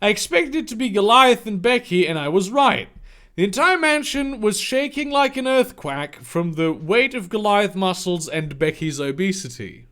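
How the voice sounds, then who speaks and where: A man's voice: high voice, sing-song, normal speed, a bit bright. A man reading a story aloud for comedy, breaking off for sarcastic, incredulous asides. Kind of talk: comedic dramatic reading with commentary.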